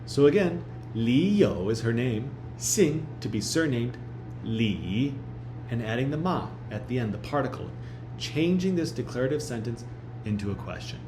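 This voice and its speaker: A man teaching a recorded language lesson, speaking slowly and carefully and repeating each example phrase. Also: medium pitch, big pitch swings, a little mellow, echoey room. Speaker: Chinese language instructor.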